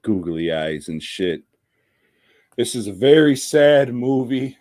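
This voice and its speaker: A man co-hosting a podcast, recommending movies with profane, deadpan jokes. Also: mid-range voice, slow. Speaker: podcast co-host. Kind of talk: casual podcast chat.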